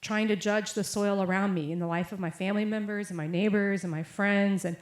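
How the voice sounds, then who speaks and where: A woman's voice: medium pitch, steady tone, a little fast. A young adult woman preaching a sermon, telling a personal story in a casual way with lots of fillers and quoted voices. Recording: echoey room.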